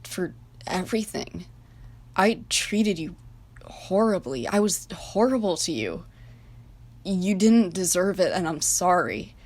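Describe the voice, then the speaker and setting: A woman voicing a gentle, remorseful male figure who speaks softly and hesitantly, in a fan-made story reading. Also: on the low side, lively intonation, slow pace. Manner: soft, hesitant, apologetic. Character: remorseful male personified Soviet nation, gentle.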